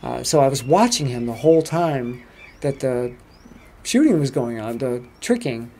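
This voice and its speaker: An American man talking casually to camera as a travel vlogger, chatty and relaxed. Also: mid-range voice, moderate pace. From United States. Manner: relaxed, chatty storytelling with laughs. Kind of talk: casual vlog commentary.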